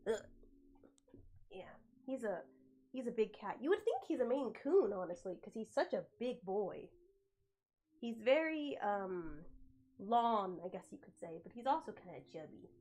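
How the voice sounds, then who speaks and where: A woman's voice: mid-range voice, big pitch swings, a little slow, warm tone. A woman in her twenties chatting casually on a live stream as she gets over the flu, rambling with lots of fillers and talking to her cat. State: getting over the flu, occasional cough.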